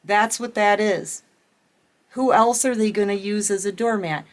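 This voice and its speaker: Middle-aged woman, tarot reader, unhurried and emphatic, addresses the viewer directly. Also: medium pitch. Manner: emphatic, repetitive, talks straight to the viewer. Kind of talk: casual tarot reading monologue.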